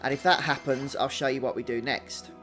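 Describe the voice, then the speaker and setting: A man hosting a video game walkthrough in a relaxed, chatty way, thinking out loud as he plays. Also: mid-range voice, a little fast, soft background music. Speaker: gaming channel host.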